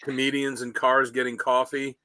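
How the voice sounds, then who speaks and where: A man's voice: mid-range voice, flat delivery, normal speed, bright, forceful tone, clear, resonant tone, dry recording. A man co-hosting a casual talk show, rambling through stories and acting out quotes. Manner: rambling, storytelling, acts out quotes. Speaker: podcast co-host. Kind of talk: casual chat.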